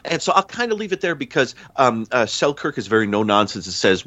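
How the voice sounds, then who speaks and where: A man's voice: mid-range voice, very animated, normal speed, a bit bright, no echo, dull audio. A man on a podcast giving a casual, rambling plot recap, often stopping to correct himself. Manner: rambling, self-correcting storyteller. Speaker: podcast panelist.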